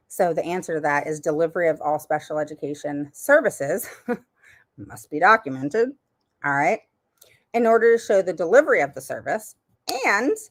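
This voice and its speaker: A woman's voice: on the low side, a bit bright. A woman hosting a livestream with advice for parents, speaking emphatically and repeating words for stress. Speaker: parent advocate host.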